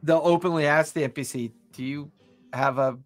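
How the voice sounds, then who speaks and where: A man co-hosting a casual podcast as game master, relaxed and musing, slipping into mock accents now and then. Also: on the high side, moderate pace, faint music behind. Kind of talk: casual chat.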